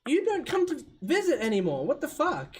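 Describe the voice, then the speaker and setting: A man's voice: extremely high pitch, huge pitch swings, moderate pace, noisy background, voice pushed up, exaggerated voice. A man voicing a brash young woman who swears sharply and indignantly.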